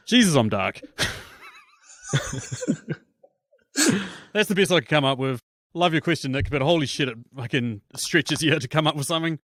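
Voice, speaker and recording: A man's voice: a little high, lively intonation, normal speed, a bit bright, no echo, clean studio sound. A man hosting a casual movie podcast, laughing often and acting out film lines in silly voices. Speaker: podcast host.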